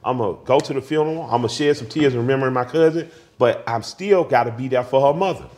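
A man in his forties talks openly as an interview guest, his voice in a middling register. He moves between bursts of laughter and hushed, grieving moments, telling his stories in a loose, conversational way. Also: medium pitch, fast talker. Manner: emotional, swinging between laughter and quiet grief. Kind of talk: candid conversational storytelling.

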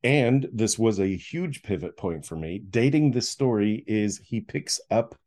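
A man's voice: lowish voice, measured pace. A middle-aged man telling a personal story as a podcast guest, acting out the voices. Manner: animated storyteller who acts out voices. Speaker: guest, author.

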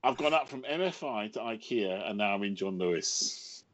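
Animated, laughing English man. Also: lowish voice, normal speed, slight background noise. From England. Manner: animated, self-mocking, laughs often. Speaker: guest writer. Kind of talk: casual podcast interview.

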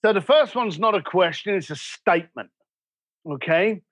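Animated high-voiced man telling stories. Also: normal speed, no echo. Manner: animated storyteller acting out quoted dialogue. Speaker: guest. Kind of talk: conversational podcast interview.

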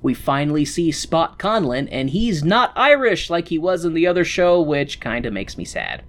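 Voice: mid-range voice, expressive, normal speed. A host from the Midwestern United States giving a sarcastic, joking recap of a story's plot. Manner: sarcastic, jokey, slips into voices.

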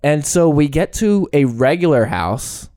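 Young guy podcast host, smooth clear voice, dry close sound, jokey storyteller. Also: a little high, animated, measured pace, warm tone, dry recording. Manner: joking, storytelling, laughs often. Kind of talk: casual podcast chat.

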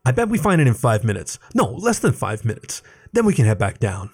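A man voicing a stubborn, gruff young male dog who is the narrator's best friend in a storybook. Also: medium pitch, wildly swooping pitch, brisk, dry recording, clean studio sound, heavily acted. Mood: coaxing. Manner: insistent and gruff.

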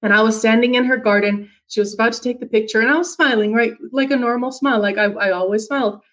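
A woman's voice: fairly high pitch, fairly even intonation, fast, fairly bright tone, low-quality recording. A woman from Finland telling a personal story as an interview guest, earnest, with frequent restarts and fillers.

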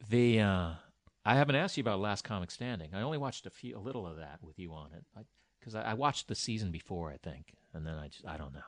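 A male host with a lowish voice asks easygoing, curious questions in a casual chat. He reacts to his guest's stories lightly and keeps the conversation moving. The recording is dry and close, with no room sound. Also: fast talker, no echo. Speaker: podcast host.

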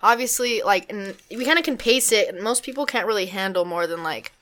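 A woman co-hosting a casual chat, talking about her work as a bartender in a relaxed, chatty way. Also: medium pitch, fairly quick. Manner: relaxed, chatty, filler-heavy. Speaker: co-host, bartender.

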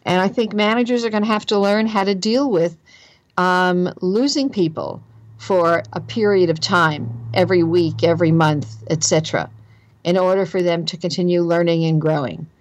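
A woman's voice: on the low side, moderate pace. A woman with a New Jersey accent, a guest author talking about careers in an emphatic, earnest way and repeating phrases for stress. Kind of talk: conversational interview.

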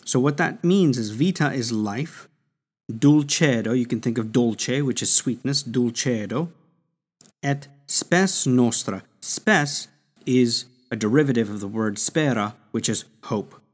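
A man's voice: mid-range voice, measured pace, breathy edge. A man teaching the words of a Latin prayer in a patient, explanatory way, repeating and sounding out each word. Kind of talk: slow explanatory lesson.

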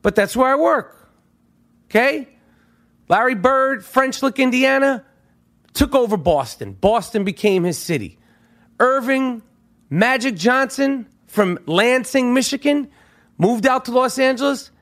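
A man's voice: extremely high pitch, lively intonation, measured pace, a bit bright. A middle-aged man from New York who hosts a podcast, ranting about sports in a profane, worked-up comic way. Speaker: podcast host. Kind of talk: comedic sports rant.

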